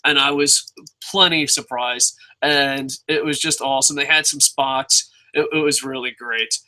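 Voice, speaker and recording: A young man from New Jersey giving a rambling, excitable wrestling review, swearing constantly and poking fun at himself. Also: medium pitch, measured pace. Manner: excitable, rambling, heavy swearing, self-mocking. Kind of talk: casual profane review rant.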